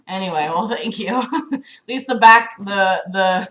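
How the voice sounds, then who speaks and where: A woman's voice: medium pitch, measured pace, fairly bright tone. Chatty young woman on a livestream. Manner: chatty, profane, fretful and giggly. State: slight cough. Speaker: livestream host reading a friend's book. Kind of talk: casual livestream chat and reading aloud. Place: room at home. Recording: echoey home room.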